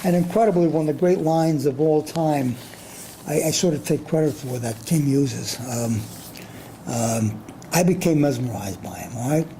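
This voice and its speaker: A man's voice: fairly high pitch, normal speed, mellow, a little hiss or hum, rough recording. An older man, a boxing promoter, telling a long rambling anecdote in an interview, often checking in with "all right?". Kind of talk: storytelling in an interview.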